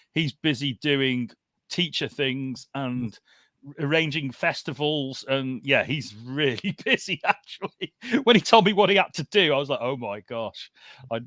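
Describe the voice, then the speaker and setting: Over a video call, a podcast host with a mid-range, slightly bright voice runs a live comics show, chatting casually and laughing often. The recording is dry and of studio quality.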